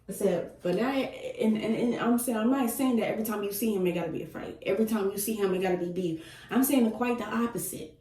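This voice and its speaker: A woman's voice: medium pitch, quick pace, dark tone. A woman casually venting as she cuts her hair, retelling talks with her son and repeating phrases for stress. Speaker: vlogger, mother. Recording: echoey room, mic at a distance.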